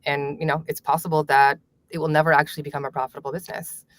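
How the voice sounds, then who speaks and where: A woman author being interviewed, answering in a measured way with light laughs and frequent fillers. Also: deep voice, flat delivery, dry recording. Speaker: author and journalist guest. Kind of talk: conversational interview.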